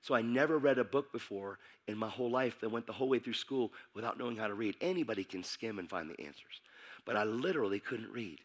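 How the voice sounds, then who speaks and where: A man's voice: fairly low pitch, lively intonation, fast talker. A middle-aged man preaching his testimony as a sermon, telling his story intensely and acting out the dialogue.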